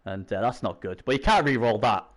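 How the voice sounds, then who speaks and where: Man, live game commentary, lively pitch, chatty and opinionated. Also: fairly quick. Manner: excitable, swings from muttering to shouting; chatty, opinionated, talks to himself.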